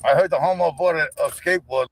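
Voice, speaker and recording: A man's voice: on the high side, fast talker, poor audio. A man talking as a guest on a livestream in casual chat, rambling and repeating himself. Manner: rambling, repeats "you know what I mean".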